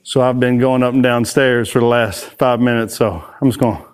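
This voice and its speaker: A man's voice: mid-range voice, fairly even intonation, fairly quick, clean tone. Man telling stories at a church conference. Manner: folksy, storytelling, slightly out of breath. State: out of breath. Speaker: conference speaker. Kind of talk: live conference talk. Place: church hall, live audience.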